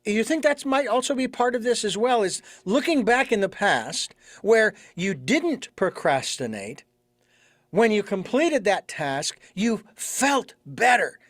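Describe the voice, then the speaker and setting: A man hosting an interview podcast, talking in an animated way with rhetorical questions and some hesitant fillers. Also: high voice, a little slow, no room sound, studio quality. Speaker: podcast host. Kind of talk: conversational interview.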